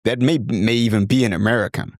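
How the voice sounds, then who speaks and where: A man's voice: medium pitch, steady tone, a little fast, no echo, clean studio sound. A British man hosting a podcast, earnestly explaining and demonstrating how to pick up accents. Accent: British English. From England. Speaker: podcast host. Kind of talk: accent coaching talk.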